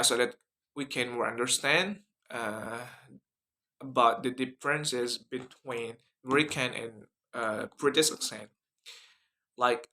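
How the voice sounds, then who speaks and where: Young guy w doing a class video, slow, lots of uhs, bright voice. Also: medium pitch. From Indonesia. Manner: hesitant, many fillers and restarts. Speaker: student presenter.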